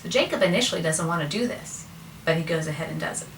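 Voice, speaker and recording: A woman's voice: low voice, fast talker. A woman retelling a Bible story in a casual, conversational way with chatty asides. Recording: roomy, distant mic, faint noise.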